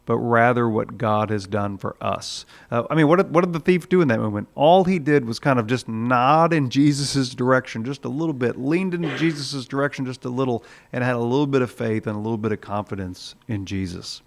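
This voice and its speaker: A man's voice: medium pitch, brisk, creaky, hardly any pauses. A man preaching a sermon in a conversational way, with frequent "uh"s, now and then acting out the voices in his story. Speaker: pastor.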